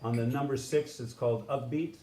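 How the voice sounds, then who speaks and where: A man teaching a live instrument lesson, halting with frequent restarts and singing syllables to demonstrate sounds. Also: mid-range voice, fairly even intonation, dark tone. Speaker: music teacher. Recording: echoey room with background noise.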